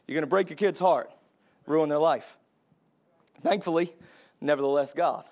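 A young adult man preaching a sermon to his church, impassioned and building to high, emphatic cries. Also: normal speed, long pauses, darkish tone. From United States.

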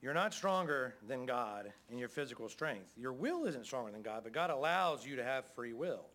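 A man's voice: mid-range voice, lively intonation, moderate pace, a bit bright. A middle-aged man preaching a sermon as pastor, in a folksy, conversational way with frequent calls of amen.

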